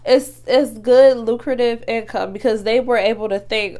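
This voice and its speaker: A young woman talks casually and earnestly, full of fillers and restarts. Her voice sits a little high. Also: steady tone, moderate pace, hardly any pauses, mellow. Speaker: podcast host. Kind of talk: casual motivational talk.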